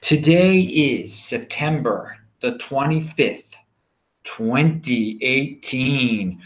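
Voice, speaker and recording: A man's voice: fairly high pitch, expressive, normal speed, fairly bright tone. A middle-aged man hosting his own daily show, talking straight to camera in an emphatic, preachy way, repeating key phrases and restarting sentences as he rambles. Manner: rambling, with frequent restarts and fillers. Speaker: host of a daily cryptocurrency show. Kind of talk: casual solo video monologue.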